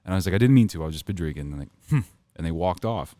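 A man's voice: low-pitched, expressive, very fast, warm tone, no echo. Crude laid-back young comedian man. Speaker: stand-up comedian guest. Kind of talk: casual chat, storytelling.

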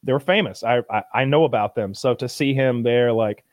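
A man's voice: mid-range voice, a little fast, a little mellow, dry recording, studio quality. A young man in casual podcast chat, rambling with lots of fillers and restarts.

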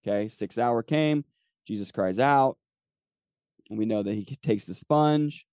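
A man's voice: lowish voice, measured pace, a little mellow, clean tone, no room sound, studio quality. A man hosting a podcast, teaching from the Bible in a conversational way, often checking in with "okay?" and reading scripture aloud. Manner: reads scripture aloud, correcting himself. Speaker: podcast host and preacher.

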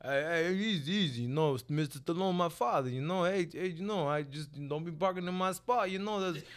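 A man's voice: high voice, a little fast, lightly acted. A man putting on a mumbling, slurred, laid-back male movie star. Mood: easygoing.

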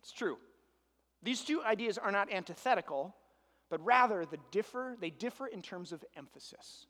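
A man preaching a sermon as pastor, animated, piling up rhetorical questions and swinging from loud emphasis to hushed asides. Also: high voice, normal speed, long reverb tail.

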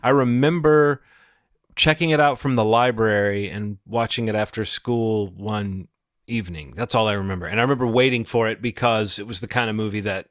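A man's voice: lowish voice, normal speed, no echo, studio quality. A man in his forties talking through a movie on a podcast, thoughtful and hesitant, with many restarts. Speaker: podcast co-host. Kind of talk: casual film discussion.

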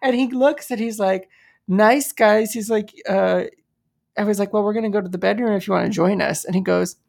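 Gravelly-voiced woman rambling casually. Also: medium pitch, a little fast, a little mellow. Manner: rambling, many fillers like "like". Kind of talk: candid casual chat.

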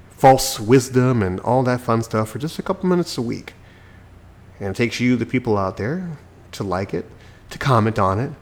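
A sick man hosting his own podcast, talking alone into a microphone in a chatty, preachy, self-mocking way. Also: on the low side. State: sick, recovering from illness. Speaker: podcast host. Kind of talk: solo podcast monologue. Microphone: desk microphone.

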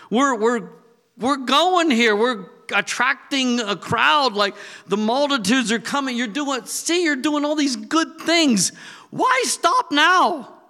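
Older guy putting on a brash excited disciple, way higher than his normal voice, stretching words out. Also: heavily acted. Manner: pleading, hyped-up, slow drawn-out words. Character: overexcited male disciple, brash and starstruck.

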